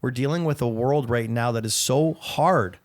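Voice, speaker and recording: A man's voice: medium pitch, normal speed. A man co-hosting a podcast, talking earnestly and then joking around, swearing freely. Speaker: podcast co-host. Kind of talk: casual chat.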